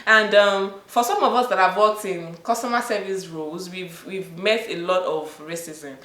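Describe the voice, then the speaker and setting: A woman's voice: fairly low pitch, steady tone, moderate pace, a bit bright. A Nigerian-accented woman guest in a casual chat, telling stories emphatically and laughing often. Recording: roomy echo.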